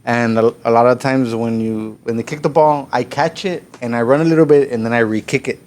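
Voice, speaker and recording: A man's voice: mid-range voice, fairly quick, darkish tone. Male guest, mid-range voice, loose profane storyteller, drops Spanish phrases. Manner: profane, rambling, slips into Spanish. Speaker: podcast guest. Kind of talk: casual storytelling chat.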